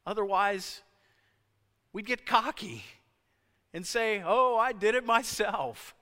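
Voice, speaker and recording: Guy preaching, high sharp voice, big echo, leans hard on words then drops to a hush. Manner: emphatic, shifting between loud stresses and hushed lines. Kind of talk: sermon. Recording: long hall reverb.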